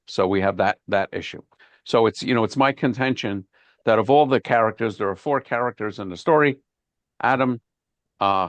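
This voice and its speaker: A man's voice: on the low side, a bit bright, no room sound, muffled recording. A man, a rabbi, leading an informal online Bible class, thinking aloud and often repeating words. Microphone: video call.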